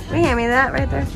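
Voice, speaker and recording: A woman teasing her family playfully in a home video. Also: high-pitched. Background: music.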